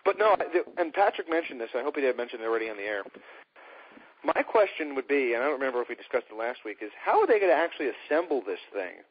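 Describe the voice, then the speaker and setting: A man co-hosting a wrestling chat, rambling and cracking jokes in a husky voice. His pitch moves around a lot. The sound is muffled, like a low-fi recording. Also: very animated, fast. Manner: rambling, joking. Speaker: podcast co-host. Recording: dull lo-fi sound.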